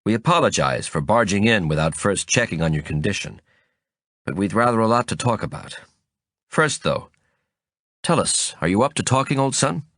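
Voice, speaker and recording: A man voicing a gruff older British man who talks in brisk, clipped phrases in an audiobook reading. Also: on the low side, animated, fairly bright tone, no echo, clean studio sound. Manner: clipped, brusque, uses "old son".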